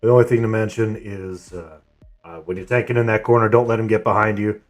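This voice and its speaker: A man streaming and leading an online game raid, telling a story and giving calls in a relaxed, rambling way. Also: fairly low pitch, fairly quick, faint music behind.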